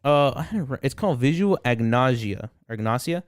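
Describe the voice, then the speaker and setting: A man's voice: mid-range voice, animated, moderate pace, clean tone, dry recording. Rambling young man on a podcast. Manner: rambling, swears a lot, many restarts. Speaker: podcast co-host. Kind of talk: casual chat.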